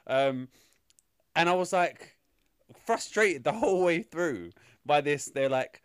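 A man's voice: fairly high pitch, big pitch swings, moderate pace. A man rants about a film on a casual podcast. He rambles, swears freely and sounds exasperated, and his voice is close and dry with no room echo. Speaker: film reviewer.

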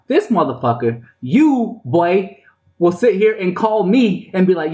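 A man co-hosting a podcast from a studio, ranting playfully in slangy banter and stammering through quick restarts. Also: sits high, animated, darkish tone, poor audio. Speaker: podcast co-host.

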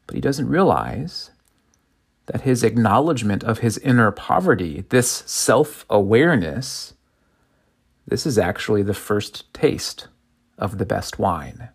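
A male preacher with a low, gravelly voice gives a reflective sermon. He reads scripture and a parable, then talks it through with questions to his listeners. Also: sing-song, a little slow. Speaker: pastor.

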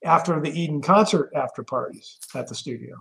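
A man's voice: a little high, a little fast, creaky, a bit bright. A man hosting a podcast, chiming in with jokes and quips during a casual chat. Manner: joking, chimes in with quips. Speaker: podcast host.

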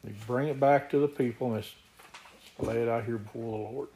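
A man's voice: medium pitch, steady tone, fairly quick, dark tone, a little hiss or hum, rough recording. A man preaching a sermon, reading scripture aloud and then explaining it in an earnest, plain way.

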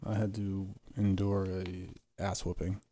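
A man's voice: sits low, completely flat delivery, unhurried, mellow. A man co-hosting a podcast, telling a story casually and bluntly, with heavy swearing. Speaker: podcast co-host. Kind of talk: casual candid chat.

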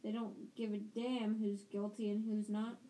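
A woman's voice: mid-range voice, flat delivery, measured pace, warm tone, a little hiss or hum, lightly acted, low-quality recording. Woman reading as a mournful giant gamekeeper. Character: gloomy giant gamekeeper man, tearful.

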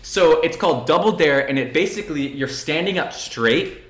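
A man co-hosting a casual podcast, telling stories quickly and with laughter, acting out the quotes. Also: on the high side, lively intonation, a bit bright. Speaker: podcast co-host. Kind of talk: casual chat among friends. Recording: echoey room.

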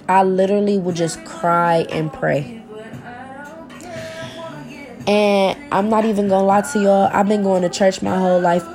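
A woman's voice: on the low side, darkish tone. A young woman, talking to her viewers in a personal vlog, heartfelt and informal, often repeating herself as she searches for words, close to tears at times.

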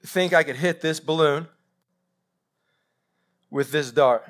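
A man's voice: fairly high pitch, slow pace. A man, preaching a live sermon and telling stories directly to his congregation. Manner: animated storytelling, addresses congregation directly. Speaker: pastor. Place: church sanctuary.

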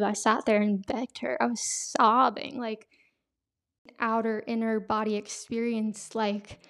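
Young woman host, personal testimony, halting and emotional, slightly high voice. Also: level tone, vocal fry, fairly bright tone. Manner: emotional, halting, many fillers. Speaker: podcast host.

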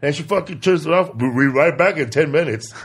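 A man's voice: a little high, animated, fairly quick, slight background noise. A man hosting a podcast in casual chat, talking in slang and saying "bro" all the time. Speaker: podcast host.

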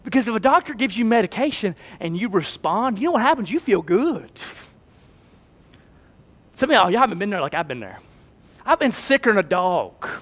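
Male pastor, very high voice, sermon that swings from shouting to hushed, folksy humor. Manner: swings between shouting and hushed near-whispers; folksy Southern phrasing, humorous asides.

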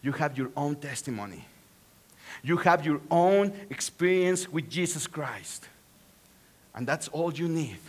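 A man from Mexico with a Mexican Spanish accent, a pastor preaching a sermon in an animated way, swinging from hushed to excited with joking asides. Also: on the high side, a little slow.

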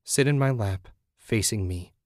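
A man's voice: fairly low pitch, measured pace, a little mellow, no echo, clean studio sound, close to an everyday voice. A man voicing a tense, wary man. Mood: urgent.

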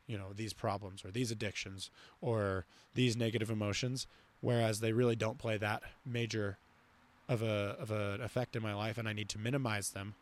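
A man's voice: on the low side, flat delivery, moderate pace. A young man hosting a podcast, talking casually and rambling with lots of fillers and restarts. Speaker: podcast host. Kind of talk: casual conversation.

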